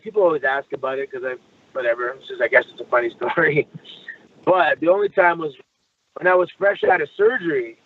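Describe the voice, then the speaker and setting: Guest from Canada, male, slightly high voice, loose profane storyteller, heard over a phone-like line. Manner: swears freely, rambling with restarts. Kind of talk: casual storytelling.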